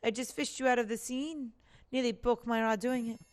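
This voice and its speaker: A woman's voice: fairly high pitch, fairly even intonation, normal speed, natural voice. A woman voicing a friendly, chatty fisherman who rescued the hero. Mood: easygoing. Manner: easygoing, chatty, says monsieur. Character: friendly Parisian fisherman, helpful and easygoing.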